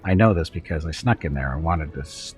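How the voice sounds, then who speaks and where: A man's voice: a bass voice, animated, a little fast, faint music behind. A man doing a whiny, gurgling demon queen. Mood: smug. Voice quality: gurgling, purring. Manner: whiny, petulant, falsely flirtatious. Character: petulant self-pitying female demon queen.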